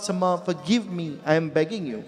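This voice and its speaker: A man's voice: a little high, a little fast, darkish tone, close to an everyday voice. A man voicing a tearful pleading wife, Trinidadian lilt. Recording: echoey hall with faint music.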